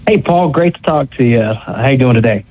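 A man calling a radio show, polite and eager, with filler pauses. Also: medium pitch, animated. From Northeast Tennessee. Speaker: radio caller. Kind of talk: call-in question. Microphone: telephone. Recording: tinny phone line.

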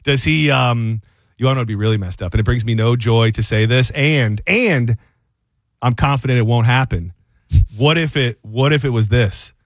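A man hosting a sports talk radio show, chatting casually with halting restarts. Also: mid-range voice, no echo.

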